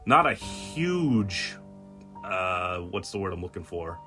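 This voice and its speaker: A man hosting a casual podcast, telling stories in an animated way and acting out quoted people with laughter. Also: sits low, slow, soft background music. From New England. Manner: animated storyteller, acts out quotes, laughs often. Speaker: podcast host.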